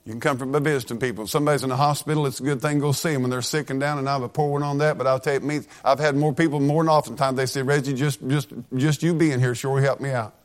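Middle-aged preacher guy, folksy rambling sermon, keeps repeating himself, ordinary pitch. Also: fairly even intonation, racing, hardly any pauses.

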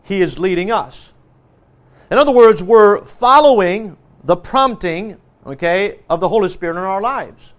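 A man's voice: high-pitched, lively intonation, a little slow. A man preaching a sermon, earnest, repeating key phrases with frequent restarts and fillers.

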